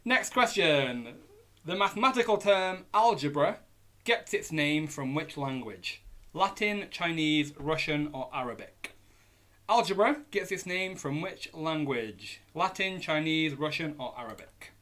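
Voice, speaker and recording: Young male quiz host, Yorkshire accent, upbeat and casual, voice on the higher side. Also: lively intonation, a bit bright. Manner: chatty, jokey, reads options slowly. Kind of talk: live online pub quiz hosting. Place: indoors at home on a hot day.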